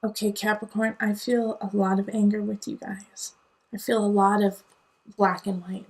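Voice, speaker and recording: An adult woman who is a parent gives a casual tarot reading, speaking earnestly and digressively, blending encouragement with tough love. Her voice is medium-pitched and darkish, with little pitch movement, at a normal speed.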